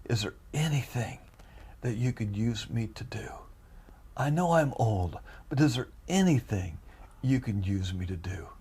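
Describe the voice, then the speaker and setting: A man quietly voicing a humble, frail old man, pleading softly in prayer with a husky voice. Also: medium pitch, moderate pace. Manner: soft, pleading, hushed.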